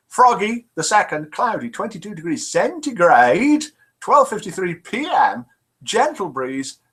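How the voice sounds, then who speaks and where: A man's voice: a little high, sharp tone, husky. An older man hosting a live web show, chatting casually and reading viewers' comments aloud with self-mocking humour.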